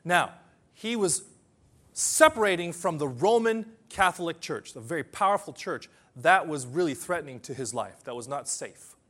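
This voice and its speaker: A man preaching a sermon, swinging between loud emphatic bursts and quiet, soft asides. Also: on the high side, animated, moderate pace. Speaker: pastor.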